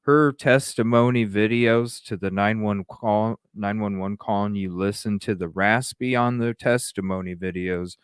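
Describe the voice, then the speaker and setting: Male caller, slow unhurried delivery, smooth clear voice. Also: on the low side, fairly bright tone, no echo, clean studio sound. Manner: slow, hesitant, talks with fillers. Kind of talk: casual call-in chat.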